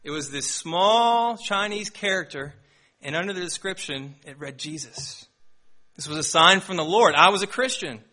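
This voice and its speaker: A young man delivers a sermon, easing in with an animated, self-deprecating story. His voice sits high and rings very bright. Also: moderate pace. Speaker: pastor.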